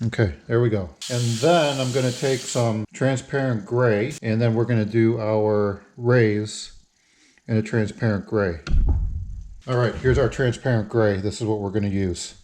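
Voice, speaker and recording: A man's voice: fairly low pitch, steady tone, unhurried, a little mellow. A man narrating a casual how-to video, talking through each step as he works. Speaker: hobby lure painter.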